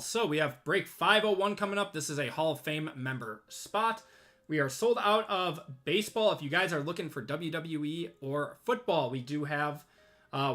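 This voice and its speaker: A man hosting a live stream from his desk, chatty and upbeat with quick laughs. His voice sits a bit high and sounds bright and forceful, though slightly strained. Faint music plays behind him. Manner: upbeat, chatty, reads out buyer names, laughs easily. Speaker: host of a live sports card group break. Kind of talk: casual live-stream chat.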